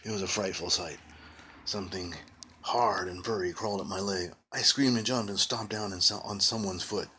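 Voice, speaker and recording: A man's voice: low-pitched, normal speed, pushed and bright, slight background noise. A man reading a children's ghost story aloud, adding playful casual asides. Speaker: reader of a children's book.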